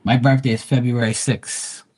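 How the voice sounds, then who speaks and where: A man's voice: medium pitch, flat delivery, moderate pace, a little mellow, low-quality recording. A man with a Bermudian accent, rambling and chatty as he talks casually with viewers on a live tarot stream, swearing now and then.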